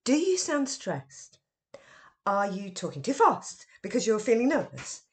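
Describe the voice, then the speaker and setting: A middle-aged woman who trains teachers and speaks in an educational podcast style. Her pitch rises and falls widely as she fires off emphatic questions. She sounds animated and clear. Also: a little slow. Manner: lively and expressive, with emphatic questions.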